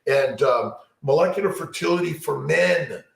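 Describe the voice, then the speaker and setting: Gravelly, rambling upbeat male doctor. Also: fairly high pitch, moderate pace, echoey room, rough recording. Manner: upbeat, repetitive, motivational, many fillers and restarts. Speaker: fertility doctor hosting a live Q&A. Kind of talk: rambling live-stream chat answering viewer questions.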